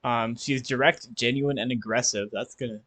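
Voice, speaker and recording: A man's voice: medium pitch, fairly even intonation, brisk, fairly bright tone, slight background noise. A man co-hosting a podcast in casual chat, reading out contestant bios in an easygoing way and chuckling a lot. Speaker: podcast co-host.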